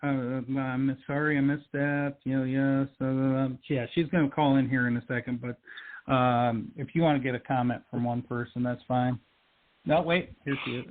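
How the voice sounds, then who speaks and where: A man co-hosting a call-in show, chatting in a relaxed, casual way. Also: mid-range voice, normal speed. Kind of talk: casual chat. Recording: tinny phone-like line.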